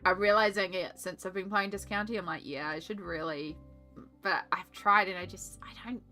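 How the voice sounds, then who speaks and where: A woman's voice: mid-range voice, flat delivery, brisk, pushed and bright, soft background music. A young woman streaming from her art desk, chatting casually and thinking aloud while she colours, with rambling asides. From Australia. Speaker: artist and streamer.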